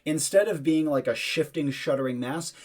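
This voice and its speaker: A man's voice: on the high side, normal speed. A man running a tabletop game as game master, giving vivid, descriptive narration with casual fillers.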